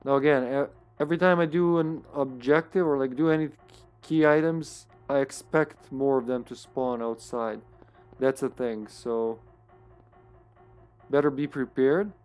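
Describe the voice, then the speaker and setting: A man's voice: mid-range voice, fairly even intonation, a little slow, smooth, faint music behind. Man muttering through a game stream. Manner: muttering to himself, trailing off quietly. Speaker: streamer playing a horror game. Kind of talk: casual gameplay commentary.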